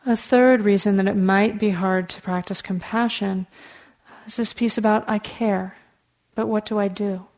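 A woman meditation teacher gives a dharma talk to her students. Her voice sits at an ordinary pitch, and her delivery is earnest and conversational. She pauses on easy fillers and now and then drops into a soft aside. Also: steady tone.

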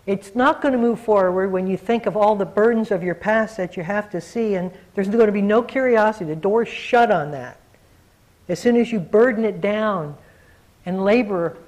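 A man's voice: sits high, darkish tone, low-quality recording. Earnest man giving a dharma talk. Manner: reflective, earnest, slows down to stress key words. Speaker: meditation teacher. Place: meditation hall talk before a group.

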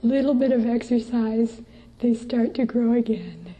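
A woman, a Buddhist nun, giving a dharma talk to a meditation group, gentle and unhurried, sometimes sinking to soft breathy asides. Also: on the high side.

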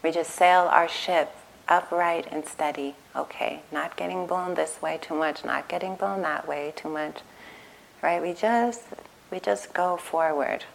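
A woman meditation teacher giving a gentle dharma talk at a retreat, telling stories in a soft, calm way. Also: fairly low pitch, a little slow, gravelly, a little hiss or hum, rough recording. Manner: gentle, storytelling, soft-spoken. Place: retreat center meditation hall.

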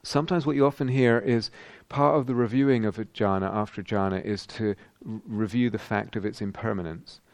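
Male meditation teacher, middle-aged, deep fry-edged voice, dry close sound, reflective dharma-talk delivery. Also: steady tone, a little fast, hardly any pauses, darkish tone, dry recording. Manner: reflective, searching, frequent ums and rhetorical questions.

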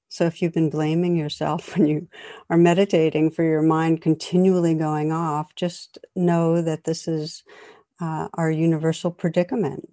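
A woman giving a dharma talk as a meditation teacher, gentle and conversational with light humor. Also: low voice, no echo, studio quality.

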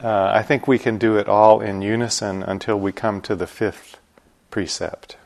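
A middle-aged man giving morning instructions at a meditation retreat, unhurried and gently joking as he explains a chant. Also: on the low side, steady tone, creaky. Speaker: meditation teacher.

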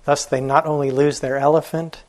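A man voicing a gentle, devoted young elephant keeper who speaks softly and earnestly, with a husky voice. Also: a little high, little pitch movement, normal speed, natural voice. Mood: defiant. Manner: soft, tender and earnest.

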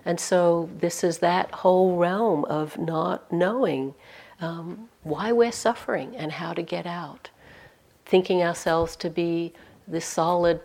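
A woman's voice: on the low side, darkish tone. Woman giving a reflective dharma talk. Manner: reflective, candid storytelling with self-deprecating humor. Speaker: meditation teacher.

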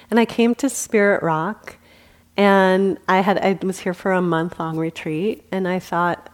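A woman giving a dharma talk as a meditation teacher, speaking gently with light humor and frequent laughter. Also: fairly low pitch, steady tone, takes it slowly. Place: meditation center.

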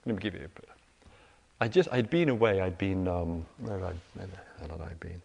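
A middle-aged man giving a meditation talk, telling everyday stories with lively, acted-out quotes. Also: low-pitched, brisk, gravelly, breathy edge. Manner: animated storytelling, acts out quoted voices. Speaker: meditation teacher. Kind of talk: dharma talk to retreat audience. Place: retreat center meditation hall. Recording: reverberant hall recording.

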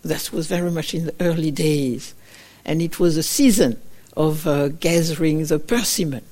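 A woman meditation teacher giving a dharma talk, telling a story gently and reflectively, often acting out her own inner voice in short quoted asides. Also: deep voice, moderate pace. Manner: gentle, reflective, with frequent fillers like "kind of". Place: meditation retreat center.

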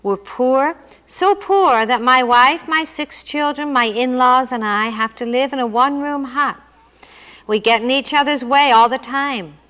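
A woman's voice: high-pitched, measured pace, fairly bright tone, long reverb tail. A woman voicing a desperate poor man who pleads and complains, reading him aloud in a story. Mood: pleading. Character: desperate poor man at his wits' end.

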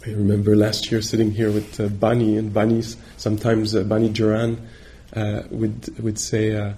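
A male meditation teacher giving a dharma talk on retreat, gentle and reflective, pausing often as he searches for words. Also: fairly low pitch, monotone. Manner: halting, searching for words with many pauses.

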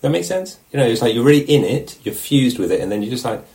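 A man teaching meditation, giving a relaxed, musing dharma talk at a retreat and often checking in with his listeners. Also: mid-range voice, fast talker, low-quality recording. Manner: reflective, musing, asks questions of the listeners. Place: meditation hall.

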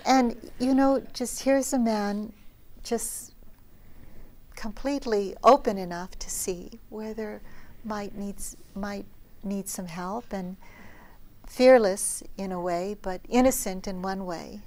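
A middle-aged woman meditation teacher giving a dharma talk at a retreat, telling stories gently and often dropping to a soft near-whisper. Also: medium pitch, fairly even intonation, slow pace.

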